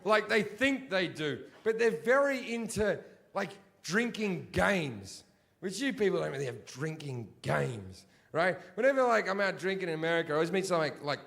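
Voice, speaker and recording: A middle-aged man doing stand-up comedy on a stage, telling brash, profane stories and jumping to shouted punchlines, through a handheld mic. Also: high-pitched, expressive, moderate pace, gravelly. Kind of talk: stand-up storytelling. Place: comedy stage before a laughing audience. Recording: live show audio with loud audience laughter.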